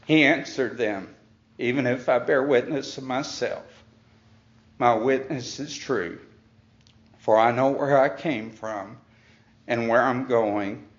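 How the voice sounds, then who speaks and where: A man teaching from the Bible as a pastor. He reads scripture aloud and explains it point by point, leaning hard on key words. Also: medium pitch. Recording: echoey room, dull muffled sound.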